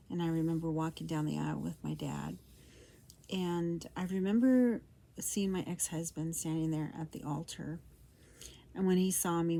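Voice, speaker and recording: A middle-aged woman telling her own story in a low voice with a gravelly, creaky edge. She rambles and restarts, trailing off into soft, whispered asides as she reminisces. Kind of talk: personal storytime monologue.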